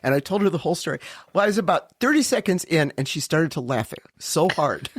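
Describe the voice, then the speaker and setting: An older woman co-hosting a podcast, telling a story in a theatrical, animated way and laughing often. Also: sits low, fairly quick, slightly rough, no echo, studio quality. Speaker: podcast co-host. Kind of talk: casual storytelling chat.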